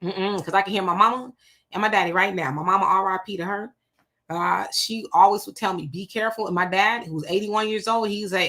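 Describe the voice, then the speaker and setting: Woman host, crisp bright tone, casual live-chat reader. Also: mid-range voice, fairly quick. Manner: greets commenters by name and reacts conversationally. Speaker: livestream host reading chat comments.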